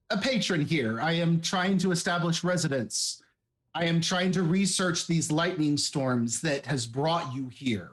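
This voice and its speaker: A polite elf man, as a player puts him on, introduces himself in a tabletop game. He halts and trips over his words, and he speaks slowly at a middling pitch. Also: natural voice. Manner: halting, stumbling over words. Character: elf man, a patron researching lightning storms.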